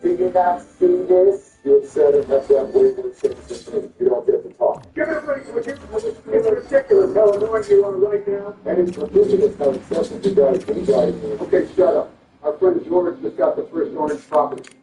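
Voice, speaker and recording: A man doing a crew of squabbling grown men, swinging wildly up and down in pitch and sitting high for a man as they trade indignant insults over a board game. The voice is dark and mellow, heard from a distance in a roomy space with faint music behind. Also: huge pitch swings, moderate pace, gravelly, muffled recording, heavily acted. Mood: bickering.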